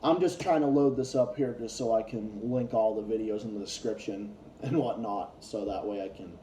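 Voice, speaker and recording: A man's voice: on the low side, normal speed, mellow, echoey room, a little hiss or hum. A man ranting in a casual commentary vlog, heated and profane, often restarting his sentences. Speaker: YouTube commentator.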